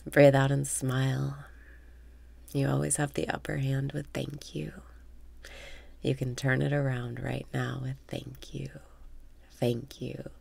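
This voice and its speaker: A woman leading a guided meditation with calm breath cues, often dropping into a half whisper. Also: very deep voice, takes it slowly, creaky, long pauses, breathy edge, dry recording.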